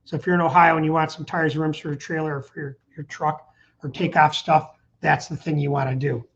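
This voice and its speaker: A middle-aged man with a fairly high, level, slightly creaky voice hosts a casual livestream, speaking a little fast. He rambles cheerfully and reads viewer comments aloud. The audio is lo-fi with a touch of background noise.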